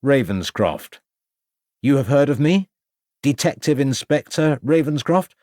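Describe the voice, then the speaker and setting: A man's voice: mid-range voice, animated, a little mellow, no echo, clean studio sound, voice pushed up, natural voice. A man doing a stern Victorian detective inspector. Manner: brisk, authoritative.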